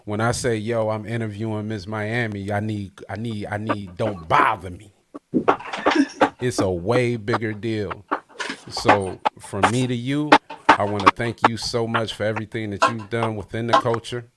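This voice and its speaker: Excitable male podcast host. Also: on the low side, normal speed, heavy background noise. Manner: hypes up guest, loud and excitable. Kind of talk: casual interview.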